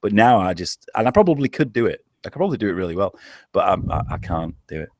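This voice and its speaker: Casting: hombre de Yorkshire, charla relajada, algo malhablado, voz seca. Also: male voice, sits low, big pitch swings, fast, a little mellow, dry recording, clean studio sound. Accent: Yorkshire English. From England. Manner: laid-back, swears and laughs often. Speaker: show host. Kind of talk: casual chat.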